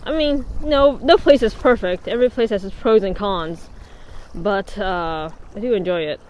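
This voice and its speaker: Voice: mid-range voice, moderate pace. A livestreamer chatting casually outdoors on a winter beach, laughing often and answering viewer comments. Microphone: mic worn while bundled in a hood. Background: wind noise.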